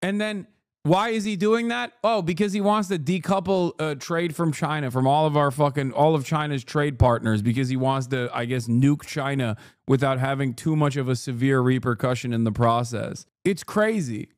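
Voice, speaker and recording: A man hosting a live stream, reacting with sarcastic, profane, animated commentary. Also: mid-range voice, normal speed, no echo, clean studio sound. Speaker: streamer host.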